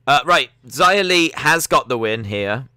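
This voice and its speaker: Man, young adult, chatty sarcastic live commentary, bright tense voice, dry close sound. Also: mid-range voice, lively intonation, unhurried, clean tone, dry recording. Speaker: live stream watch-along host.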